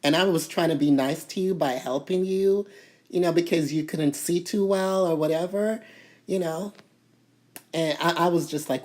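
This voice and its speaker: A woman from Toronto telling a story to camera in a casual, animated way, full of "you know" fillers and indignation. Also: sits low, a little slow. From Toronto, Canada. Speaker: vlogger.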